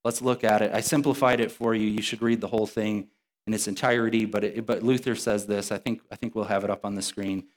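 A man's voice: fairly low pitch, flat delivery, fast. A male pastor delivering a sermon in a church. He speaks conversationally and explains each point step by step, sometimes restarting a phrase mid-thought. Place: church sanctuary.

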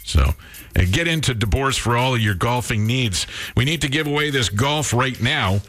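A man's voice: medium pitch, moderate pace, soft background music. A man hosting a radio show, chatting easily with his co-host and reading out contest details. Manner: relaxed, chatty, reads promos. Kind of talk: morning radio banter.

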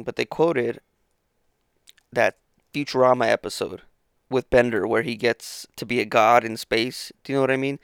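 A man with a gravelly, creaky voice talks alone on his podcast, drifting from thought to thought and swearing freely. The sound is dry and close, with no room around it. He sounds a bit sleepy, trailing off and restarting his sentences. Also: mid-range voice, dry recording. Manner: rambling, profane, self-interrupting. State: sleepy, yawning. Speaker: podcast host. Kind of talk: casual solo podcast monologue.

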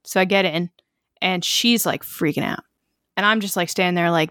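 A woman in her twenties from Connecticut, co-hosting a casual chat and telling anecdotes with animated quoted voices. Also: on the low side, normal speed, no room sound, studio quality. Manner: animated storyteller, acts out quotes. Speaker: podcast co-host.

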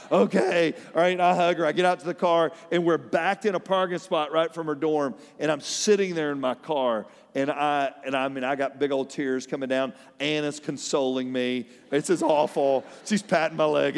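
Guy preaching, high voice, lively stories, big echoey sanctuary. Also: moderate pace. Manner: animated preaching with personal stories. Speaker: pastor. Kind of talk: sermon. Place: large church hall.

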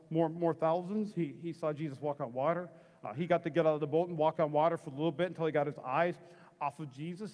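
A man's voice: a little high, big-room sound. A middle-aged man preaching a sermon as pastor, acting out the voices of people in the story. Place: church sanctuary.

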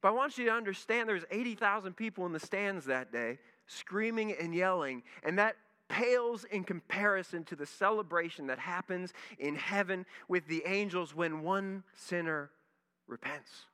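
A man, a pastor, telling a lively story in a sermon and acting out his own reactions. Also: high-pitched, moderate pace, few pauses, clear, resonant tone. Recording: long reverb in a large hall.

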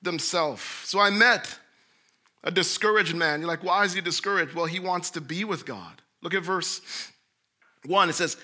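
A man preaching a sermon, earnest, rising to emphatic bursts and dropping to soft low asides. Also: animated, a little slow.

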